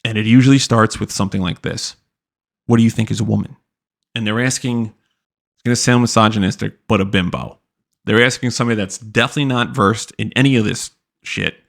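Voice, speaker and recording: Gravelly low-voiced man ranting casually. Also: fairly quick, fairly bright tone. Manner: loose, profane, lots of "like" fillers. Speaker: podcast host. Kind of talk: casual commentary rant.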